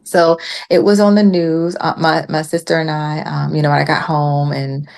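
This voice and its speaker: A woman guest on a podcast, telling a story in casual chat and acting out the quotes with lively jumps in her voice. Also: sits low, normal speed, gravelly. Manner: animated retelling with acted-out quotes.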